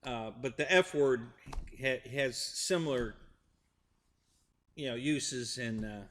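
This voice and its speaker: A man's voice: mid-range voice, slow, a bit bright, in a large hall. A middle-aged man hosting a live stream, rambling through a joke with restarts and chuckles while chatting with viewers. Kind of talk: casual chat with live chat viewers.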